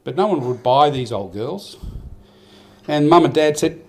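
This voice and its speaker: A man's voice: on the high side, expressive, measured pace, a little hiss or hum. An older Australian man giving a rambling, heartfelt speech at a farmers' awards night, with many restarts. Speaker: event organiser giving a speech. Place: event hall.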